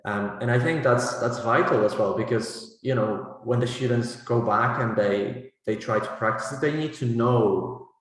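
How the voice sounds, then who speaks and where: A man's voice: mid-range voice, moderate pace, few pauses. A man giving a teacher-training talk on pronunciation, explaining step by step and checking in with "right?" and "you know". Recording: very echoey large hall.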